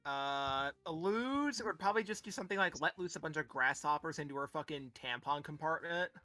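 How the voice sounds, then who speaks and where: A woman's voice: deep voice, expressive, normal speed, pushed and bright, dry recording, soft background music. A woman reading a book aloud with friends, joking in a blunt, crude way. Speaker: co-reader. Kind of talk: comedic group book reading.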